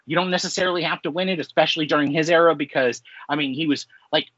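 A man in his forties chats and rants in a loose, rambling way, with filler words stacking up. His voice is husky and bright, sitting a little high for a man. The podcast mic sounds dull and lo-fi, dry with no room echo. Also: fairly even intonation, fast. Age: 40s. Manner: rambling, many "like" fillers, ranting. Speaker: podcast co-host. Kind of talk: casual chat.

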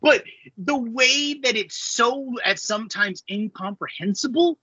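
A man co-hosting a podcast, chatting excitably and profanely about a movie. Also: extremely high pitch, a little slow, breathy edge, dull audio. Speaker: podcast co-host. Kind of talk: casual movie chat.

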